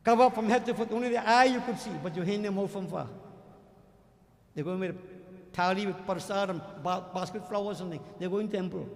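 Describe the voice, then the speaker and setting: A man with a Trinidadian accent, a pundit giving an animated religious discourse full of stories, addressing his listeners as devotees. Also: high voice, brisk, creaky. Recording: echoey hall with long reverb.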